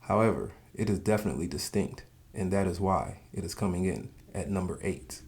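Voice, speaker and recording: A man from the States, giving calm, measured scripted narration for a countdown video. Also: low voice. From Southern United States.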